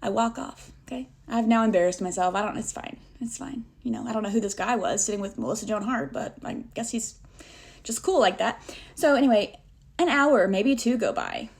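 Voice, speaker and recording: A woman vlogger telling a personal story to the camera in a casual, animated, self-deprecating way, acting out the dialogue as she goes. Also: on the high side, a little fast, vocal fry, breathy edge.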